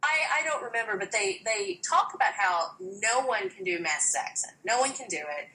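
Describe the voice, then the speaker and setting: A woman co-hosting a podcast, chatting casually and telling animated stories. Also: medium pitch, normal speed, low-quality recording. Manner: animated storytelling, quotes others. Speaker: podcast co-host. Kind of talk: casual chat.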